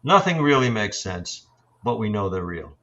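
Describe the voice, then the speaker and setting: Man in his sixties, investigator guest, halting reflective storytelling, muffled lo-fi sound. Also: lowish voice, sing-song, pushed and bright. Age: 60s. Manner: halting, reflective, with many fillers and restarts. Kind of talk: storytelling in an interview.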